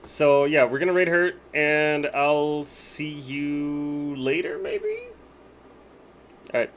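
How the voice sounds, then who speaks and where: A man's voice: fairly high pitch, little pitch movement, slow pace, fairly bright tone, a little hiss or hum. A man live-streaming a game, chatting casually with his viewers and thinking aloud about what to buy.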